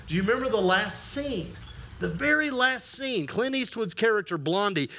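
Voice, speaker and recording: A man preaches with a high, bright voice and lively energy. He keeps drawing the congregation in and has them repeat lines back to him. The sound is roomy and echoing, with a faint hiss underneath. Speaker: pastor. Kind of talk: sermon. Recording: echoey room with faint ambient noise.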